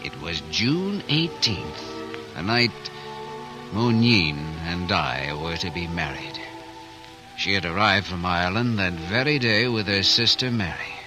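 An actor playing a stern older guardian in a 1940s radio drama, forceful and commanding. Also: male voice, sits low, lively intonation, measured pace, poor audio. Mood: reminiscing. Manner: forceful, commanding, swings to tender. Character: stern older guardian nursing an old hatred. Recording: old radio broadcast with music.

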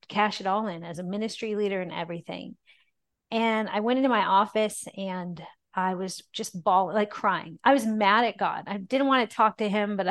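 A middle-aged woman, a podcast guest, telling her faith story in an earnest, emotional way. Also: medium pitch. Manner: earnest and emotional, often slowing down and softening. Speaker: podcast guest, ministry founder. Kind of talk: personal testimony in a podcast interview.

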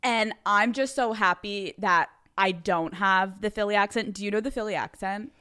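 A woman's voice: mid-range voice, moderate pace, pushed and bright, clear, resonant tone. A young woman from outside Philadelphia hosting a podcast, talking in a chatty, casual way and laughing often. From near Philadelphia, USA. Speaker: podcast host. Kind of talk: casual interview chat.

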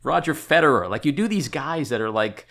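Middle-aged man, gravelly host. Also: medium pitch, expressive, a bit bright. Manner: enthusiastic, halting with fillers. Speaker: podcast host. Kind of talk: casual podcast interview.

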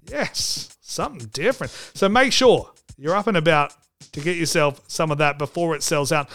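A man's voice: fairly high pitch, fairly bright tone. A man hosting a comedic podcast, joking and swearing for laughs. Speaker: podcast host.

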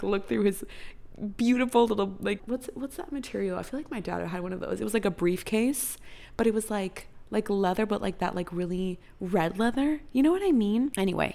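Young woman vlogger with vocal fry, chatty and theatrical, casual storytime. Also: medium pitch. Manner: chatty and dramatic, heavy use of "like".

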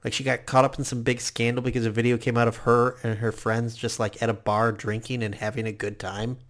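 A man co-hosting a casual podcast, loose and chatty, breaking into laughter between his points. His voice sits at an ordinary middle pitch. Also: flat delivery, brisk. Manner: laughs often, chatty and joking. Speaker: podcast co-host. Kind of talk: casual chat.

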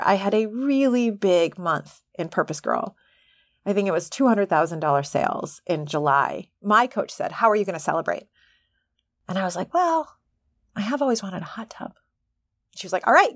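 Middle-aged woman host, higher-pitched, chatty and laughing, dry close-mic sound. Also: no room sound. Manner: chatty, laughing, animated asides. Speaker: podcast host and coach. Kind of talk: casual monologue.

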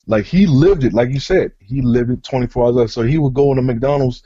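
Brief: laid-back male co-host, warm husky tone, dull lo-fi mic. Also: mid-range voice, a little fast, hardly any pauses, dry recording. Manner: laid-back, agreeable, says "man" often. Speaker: podcast co-host, musician. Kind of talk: casual chat.

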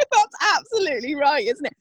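British female podcast co-host; teasing, sweary, lively, dry close sound. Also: high-pitched, no echo. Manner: teasing, sweary, animated storyteller. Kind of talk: casual chat.

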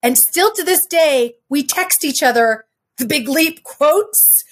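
A woman's voice: sits high, animated. A middle-aged woman, a podcast guest, talking effusively and rambling, a little stuffy from having cried. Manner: effusive, rambling, quick bursts of speech. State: stuffy nose from crying. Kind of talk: casual interview chat.

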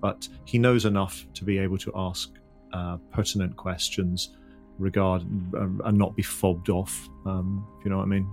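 Man, tabletop game player, gravelly low voice, hesitant, lots of fillers. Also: level tone, normal speed, a little mellow, faint music behind. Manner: hesitant, with many fillers and restarts. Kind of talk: explaining his character's plan in a tabletop game.

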